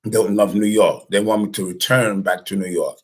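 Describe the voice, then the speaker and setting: Brief: deepish man, loose rambling talk, lots of ums and restarts, astrologer host. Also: steady tone, a little fast, darkish tone, poor audio. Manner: rambling, with many fillers and restarts. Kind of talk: casual lecture and phone call.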